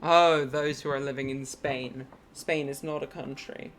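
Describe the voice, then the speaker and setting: A streamer chatting casually while playing a game, joking in a deadpan way. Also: medium pitch, a little slow, a little hiss or hum. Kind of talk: casual gaming stream chat.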